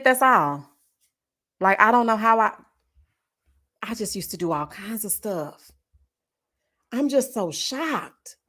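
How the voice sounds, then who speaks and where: Animated woman chatting on a livestream. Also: fairly high pitch. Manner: animated, laughs loudly, drawn-out "child" and "honey" asides. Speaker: livestream host. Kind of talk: casual livestream chat reading comments.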